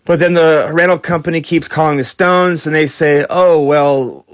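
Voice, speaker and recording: This podcast host spins rock stories in a loose, casual style, cursing freely and acting out quotes in a higher, raised voice. He speaks at a moderate pace with fairly even intonation and a slightly bright tone. The audio is studio quality without echo.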